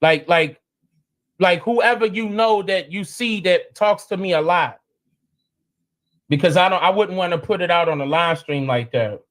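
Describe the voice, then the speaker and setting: A man hosting a live stream in casual, slangy chat, animated and prone to sudden high exclamations. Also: a little slow.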